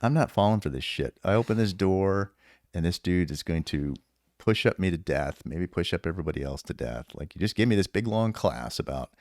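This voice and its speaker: A man in his fifties, a retired sergeant major and podcast guest, telling stories casually with an animated, profane manner and lots of laughter. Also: low voice, dry recording, clean studio sound. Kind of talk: casual storytelling.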